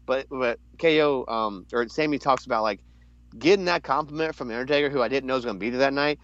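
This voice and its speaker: A man's voice: fast, a bit bright, no room sound, highs cut off. A man co-hosting a casual wrestling podcast, rambling with many restarts. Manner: rambling, restarts often, jumps into high voice to quote. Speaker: podcast co-host.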